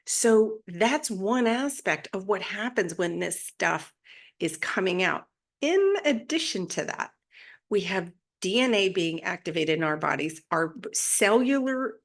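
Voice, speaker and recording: A woman hosting a spiritual channel, giving a casual, chatty monologue and often checking in with her listeners. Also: mid-range voice. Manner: chatty, often adds tag questions.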